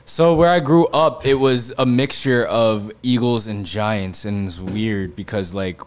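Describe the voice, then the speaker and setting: Young New Jersey guy, a bit low-voiced, cussing and rambling loosely as a podcast co-host. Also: unhurried. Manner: loose, profane, slangy storytelling. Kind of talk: casual chat.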